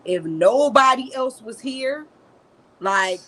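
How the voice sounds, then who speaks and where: A woman's voice: sits high, lively intonation, slow pace, fairly bright tone. A woman co-hosting a casual faith chat, speaking emphatically and driving her points home by repeating short, punchy phrases.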